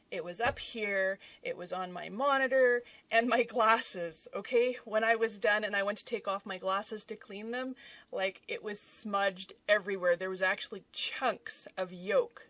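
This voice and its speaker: A woman in her thirties telling a story casually at her desk at home, animated and dramatic, with big swings in loudness. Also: medium pitch, a little slow, no echo, far from the mic. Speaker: author and YouTuber.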